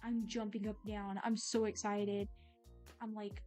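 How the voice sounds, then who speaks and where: A young adult woman chatting casually while she draws on stream, excitable and gushing, rambling with lots of fillers. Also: medium pitch, measured pace, faint music behind. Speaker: art streamer. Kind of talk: casual chat while drawing.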